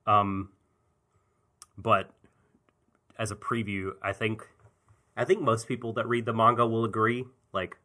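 A man's voice: fairly low pitch, fairly even intonation, a little slow, long pauses, pushed and bright. A man hosting a casual podcast, steering the recap of an anime episode and slipping in jokes.

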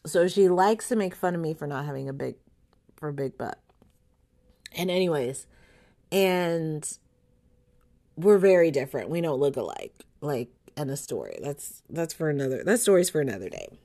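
A woman's voice: sits low, animated, moderate pace, mellow. A woman hosting her podcast, rambling and swearing freely in a casual monologue. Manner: profane, rambling, chatty. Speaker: podcast host.

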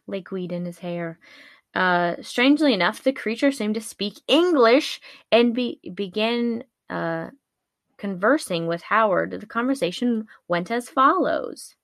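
A woman's voice: mid-range voice, lively intonation, a little slow, a bit bright, dry recording. A woman retelling a spooky comedic legend in a casual way, with wry asides and many fillers. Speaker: podcast storyteller.

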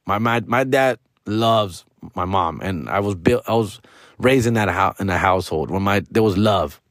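A man's voice: low-pitched, moderate pace, no echo. Guy in his 40s, cussing, slangy storytelling, dry close sound. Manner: profane, slangy, code-switching into Spanish, animated quoting. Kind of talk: casual storytelling.

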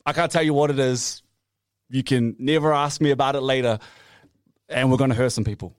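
A man co-hosting a podcast, talking in excitable, playful casual banter. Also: mid-range voice, fairly quick, no echo, studio quality. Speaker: podcast co-host.

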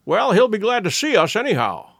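A man voicing an eager, sharp male detective who makes brisk, emphatic deductions in an audiobook reading. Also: sits high, big pitch swings, gravelly, no room sound, clean studio sound, voice pushed up, heavily acted. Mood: breezy.

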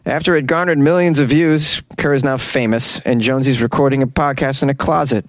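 A man hosting a comedy news podcast, joking around in an animated way and laughing at his own jokes. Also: mid-range voice, fairly quick, dry recording. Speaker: podcast host.

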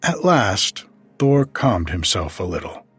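A man narrating a storybook to the listener in an unhurried, gentle way. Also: lowish voice, big pitch swings, slightly rough, no echo. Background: faint music.

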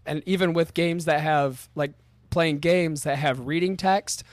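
A man on a podcast chatting quickly and jokingly about practicing his lines. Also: a little high, fairly even intonation, no room sound. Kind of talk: casual chat.

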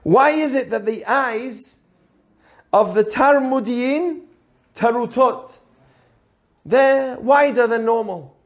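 A loud, insistent troublemaker with a raised, high-pitched voice, yelling and pressing his questions, as a man acts him out in a story. He sounds brash and pushy, well above the storyteller's own pitch. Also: takes it slowly, long pauses.

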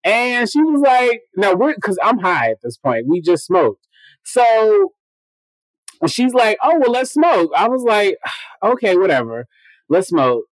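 A man with a noticeably high voice tells a story in a loose podcast chat. He swears freely and jumps into quoted dialogue. The sound is dry and close, with no room echo. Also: a little slow. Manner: animated, profane, acts out quoted dialogue. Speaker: guest telling a story.

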